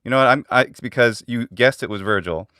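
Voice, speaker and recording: A man's voice: mid-range voice, fast talker, sharp tone, no room sound, studio quality. A man acting as linguist quiz guest, patiently explaining names and running a game. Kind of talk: explaining, quizzing.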